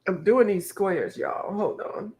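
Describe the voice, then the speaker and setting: A woman's voice: mid-range voice, takes it slowly, darkish tone. A woman hosting a painting livestream, laughing a lot and teasing viewers as she reads the chat.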